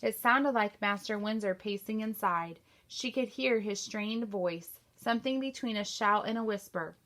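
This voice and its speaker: A woman teacher reading a novel aloud to her class in a steady storytelling manner. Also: mid-range voice, normal speed.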